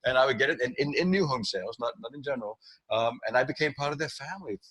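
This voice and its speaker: A middle-aged man talking as a sales trainer in a podcast interview, animated, restarting sentences and acting out client lines. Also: medium pitch, fast, slightly rough, no echo.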